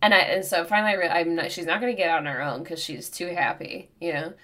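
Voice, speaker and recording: Woman podcast host in her 30s, lowish voice, cracking herself up telling a wild story, swears a lot. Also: fast talker. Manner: animated, profane, comic storytelling. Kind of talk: casual storytelling chat.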